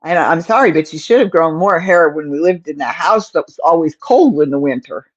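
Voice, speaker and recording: A woman's voice: deep voice, expressive, a little fast. A woman hosting a casual crochet livestream, cooing in baby talk to her cat between rambling asides, on a slightly dull recording. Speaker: crochet channel host.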